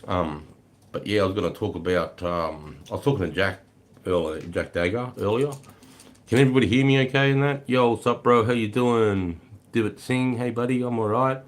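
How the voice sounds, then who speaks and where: A relaxed Australian man with a very deep, low voice chats through a livestream. He greets viewers by name, calls them mate and brother, and swears casually. He sounds easygoing and unhurried. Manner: swears freely, laid-back, greets chatters as mate and brother. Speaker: livestream host. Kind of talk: casual livestream chat reading comments.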